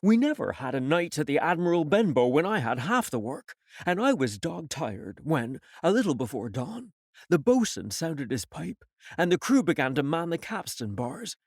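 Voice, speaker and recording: Lively male audiobook narrator. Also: fairly high pitch, no echo, studio quality. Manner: measured storytelling reading. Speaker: audiobook reader.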